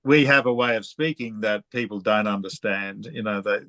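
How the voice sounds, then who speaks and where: An Australian man interviewing a guest in a relaxed way, telling stories and laughing often. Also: lowish voice, moderate pace, dry recording. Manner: chatty, storytelling, laughs often. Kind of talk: casual conversational interview.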